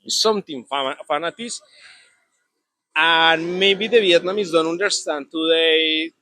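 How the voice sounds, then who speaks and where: A young man with a Colombian Spanish accent, a native Spanish speaker, talking in an interview in halting English with many restarts. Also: fairly high pitch, bright, forceful tone, no room sound. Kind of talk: casual interview talk.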